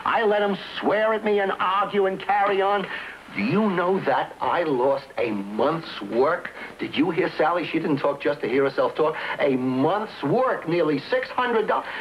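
A man's voice: on the high side, expressive, measured pace. An actor playing a stubborn cabbie who bluntly demands his money, in a 1960s TV drama on a dull old soundtrack with hiss. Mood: indignant. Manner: blunt, emphatic, threatening.

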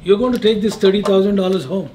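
A man with a non-native English accent who poses riddles in a slow, teasing quiz manner during a casual chat. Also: high voice, steady tone, a crowd in the background. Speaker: quizmaster guest.

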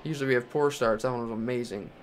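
A man's voice: medium pitch, very fast, noisy background. A young man from Texas commentating his racing game career, talking his way through the race and ranting with profanity. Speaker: gaming channel host.

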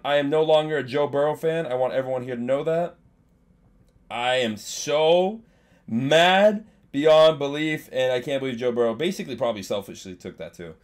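Excitable young man streaming a game. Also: mid-range voice. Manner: excitable, swings from mumbling to yelling, banters with chat. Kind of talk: live gaming stream commentary.

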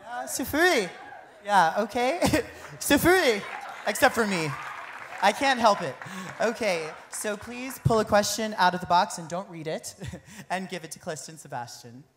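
A woman hosts a live pageant on stage, chatty and playful with the contestants. Her voice sits at a middling pitch for a woman. A faint audience murmur is heard behind her. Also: expressive, moderate pace, some chatter behind, slight background noise. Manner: chatty and playful, laughs often. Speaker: pageant host. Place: live pageant show in a concert venue.

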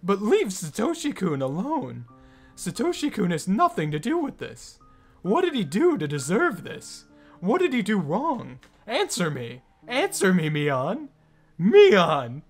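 A woman's voice: mid-range voice, wildly swooping pitch, unhurried, faint music behind, voice pushed up. A woman reading aloud the lines of a teenage girl who angrily demands answers from her sister in a visual novel. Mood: accusing.

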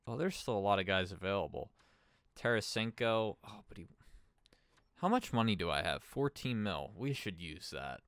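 Low, smooth-voiced male gaming streamer. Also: lively intonation, moderate pace, fairly bright tone, no echo, studio quality. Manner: thinks aloud, chats with viewers. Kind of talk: casual gameplay commentary.

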